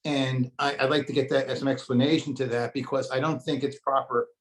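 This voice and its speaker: A man's voice: medium pitch, level tone, a little fast. Man asking pointed, direct questions. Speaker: workgroup member.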